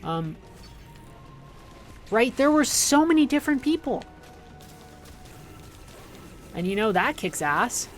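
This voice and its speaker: A woman's voice: a little high, very animated, a little slow, faint music behind. Rambling, profane woman in her thirties. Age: 30s. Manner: rambling, profane, sarcastic rants with restarts. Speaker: streamer. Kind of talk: casual livestream chat while gaming.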